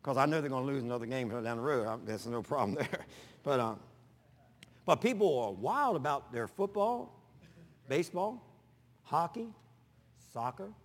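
A man's voice: medium pitch, normal speed, long pauses. Folksy man preaching in a hall. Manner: folksy, animated storytelling with sudden loud bursts. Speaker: pastor. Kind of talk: sermon with personal stories.

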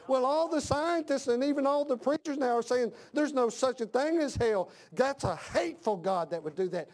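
High-voiced preaching man, fiery sermon. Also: expressive, normal speed, few pauses. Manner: preaching with rising shouted emphasis and repeated lines. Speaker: pastor. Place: church.

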